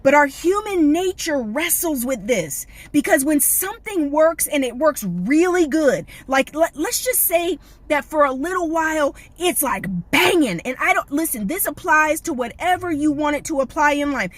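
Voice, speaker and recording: A woman's voice: high-pitched, expressive, normal speed, few pauses, no room sound. A woman life coach hosting a live stream, giving a folksy, sassy motivational talk with preacher-like repetition and greeting her viewers by name.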